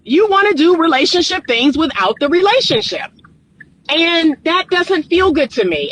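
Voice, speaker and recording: A woman's voice: extremely high pitch, sing-song, moderate pace, fairly bright tone. A woman relationship coach, giving an emphatic live-streamed talk and repeating her points for emphasis. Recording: dry close phone mic.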